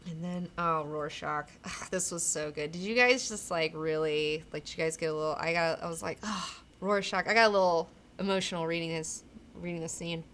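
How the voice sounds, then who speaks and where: Female comic book host, somewhat low voice, rambling casual chat, frank and profane. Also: fairly even intonation, brisk, a bit bright, a little hiss or hum. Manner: rambling and candid, swears freely, acts out characters' lines.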